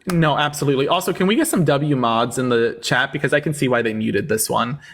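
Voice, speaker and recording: A man's voice: mid-range voice, brisk. A man hosting a livestream debate, sarcastic and mocking as he talks down to callers.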